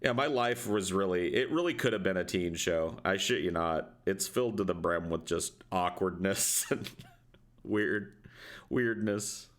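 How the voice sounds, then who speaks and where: Low-voiced man telling a crude story. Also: unhurried, fairly bright tone. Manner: profane, rambling, laughs often. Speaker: podcast co-host. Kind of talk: casual storytelling.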